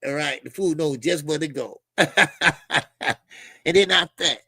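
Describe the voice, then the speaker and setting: A middle-aged man hosting boxing commentary, with a somewhat high, gravelly voice and a sharp, forceful tone. He rambles casually, full of slang, fillers and repeated words. The sound is dry and close. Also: fairly quick, no echo. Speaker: boxing channel host.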